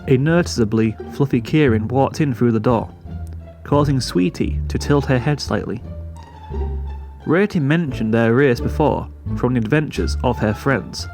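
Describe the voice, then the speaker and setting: A man reading a pony fan story aloud as narrator, in a steady storytelling manner. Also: mid-range voice, normal speed, soft background music.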